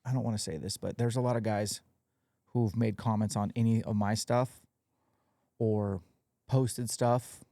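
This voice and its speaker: A man's voice: lowish voice, steady tone, measured pace, long pauses, mellow, no echo, studio quality. A man in his forties hosting a podcast, talking in a casual, candid, joking way. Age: 40s. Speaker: podcast host.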